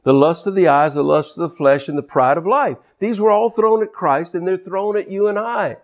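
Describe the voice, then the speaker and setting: A preacher man delivers his sermon in a slightly raised voice, pressing questions on his congregation and reciting scripture in a steady, rolling cadence. He calls out to his listeners to keep following along. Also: high voice, moderate pace.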